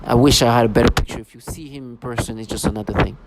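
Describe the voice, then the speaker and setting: A man vlogging outdoors in the city delivers a racing, agitated personal rant in a mid-range voice whose intonation stays fairly even. He is emotional and repetitive and mocks others by putting on voices, while faint vehicle and street noise sits in the background.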